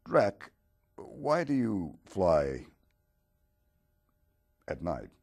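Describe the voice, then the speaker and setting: A man's voice: rumbling low, expressive, unhurried, vocal fry, dark tone, husky, heavily acted. A man voicing James Bond as a courteous secret agent who interviews with probing questions. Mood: curious.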